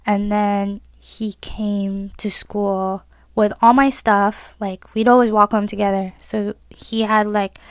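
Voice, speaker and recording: A woman's voice: mid-range voice, no room sound. A young woman hosting a podcast, telling a personal story in a confessional, giggly way, with lots of "like". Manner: confessional, giggly, says "like" often. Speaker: podcast host.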